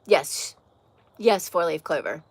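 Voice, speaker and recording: A woman's voice: on the low side, expressive, takes it slowly, husky, no room sound. Frank woman with a slight Southern accent. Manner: candid, frank, with frequent restarts and trailing phrases. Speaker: livestream host. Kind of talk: casual livestream chat answering viewer comments. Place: outdoor porch.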